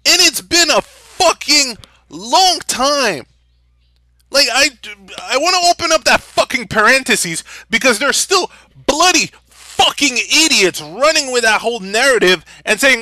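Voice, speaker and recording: A young man delivering an angry, profanity-filled vlog rant and shouting at times. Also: very high voice, lively intonation, unhurried, dry recording, clean studio sound. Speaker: vlogger.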